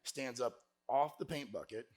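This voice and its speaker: A man giving a lively motivational sales keynote to a live conference crowd, telling stories and pushing the audience to shout answers back. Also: medium pitch, normal speed. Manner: energetic, crowd call-and-response; folksy, peppered with "right?". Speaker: sales speaker.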